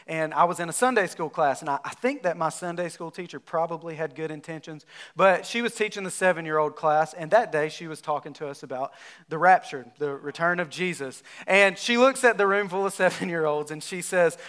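Man, pastor, high voice, chatty storytelling sermon, from North Alabama. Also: a little fast. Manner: conversational, storytelling, animated.

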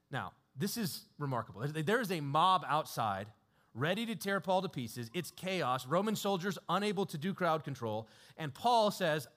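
A man preaching a sermon in a relaxed, conversational storytelling way, chuckling often and using lots of fillers. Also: on the high side, normal speed.

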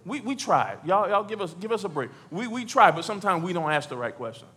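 A man preaching a lively sermon in church, swinging from near shouts to low, quiet lines, with stammered repeats and playful asides. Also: fast talker, husky. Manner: animated, rises to shouts and drops low.

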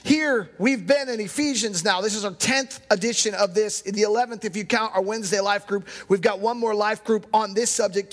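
A man preaching a sermon as pastor, telling stories with dramatic pauses. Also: extremely high pitch, fairly bright tone. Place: church sanctuary. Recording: long hall reverb.

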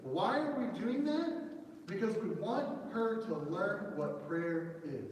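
A Southern man in his thirties preaches in a high, bright voice, his words echoing through a large hall. He sounds distant from the microphone, keeps a relaxed, conversational tone, and often checks in with the room. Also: slow pace, slight background noise. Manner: conversational, repeats "right?" as a check-in. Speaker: pastor. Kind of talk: sermon. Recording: echoey hall, mic far off.

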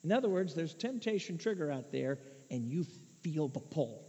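A man preaching a sermon, swinging between hushed asides and loud shouted peaks. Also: fairly high pitch, sing-song, normal speed. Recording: muffled echoey hall recording.

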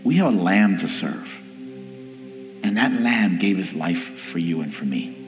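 A man preaching a sermon, telling a family story with lively delivery and acting out the people in it. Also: low-pitched, a little slow. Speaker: pastor. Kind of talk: sermon with personal stories. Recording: long hall reverb with faint music.

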